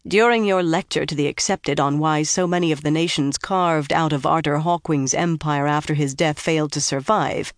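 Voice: medium pitch, fairly even intonation, moderate pace, hardly any pauses, no echo, studio quality, natural voice. An audiobook narrator voicing a proud, confident woman with a steely tone.

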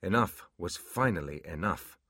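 A man narrating a fantasy audiobook in an expressive storytelling manner. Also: low-pitched, moderate pace, no room sound, clean studio sound.

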